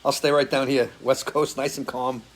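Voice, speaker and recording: Casual musician chatting with viewers. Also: male voice, mid-range voice, flat delivery, normal speed. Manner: loose, swears freely, talks in restarts. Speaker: musician hosting a live stream Q&A. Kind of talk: casual chat answering viewer comments. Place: home, living in Florida.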